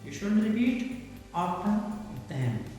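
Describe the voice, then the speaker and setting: A man with a slightly raised voice explains pronunciation in a lesson. He speaks haltingly, fills gaps with "uh" and often repeats phrases. The room rings with a long reverb, and faint music plays behind him. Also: high voice, very animated, mellow. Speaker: English pronunciation teacher.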